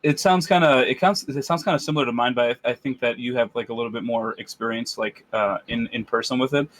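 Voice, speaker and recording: A man's voice: medium pitch, fast talker, a bit bright. A man with an ordinary mid-range voice talks with friends on a podcast. He sounds eager and laughs easily. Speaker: podcast cast member. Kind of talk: casual podcast chat.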